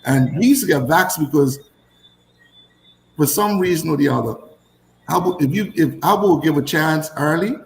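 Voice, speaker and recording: Brief: male ex-cricketer, storyteller, slightly high voice, echoey room. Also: normal speed, creaky, long pauses, a little hiss or hum. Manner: animated anecdotes, repeats phrases for emphasis. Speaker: former cricketer. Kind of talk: casual storytelling chat.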